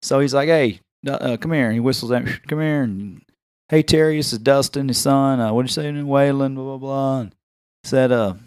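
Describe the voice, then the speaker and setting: A man's voice: medium pitch, moderate pace, clean tone, no echo, studio quality. A man with a Tennessee accent telling a story on a casual podcast, acting out the other people's voices as he goes. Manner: animated, acts out quoted voices. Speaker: podcast host.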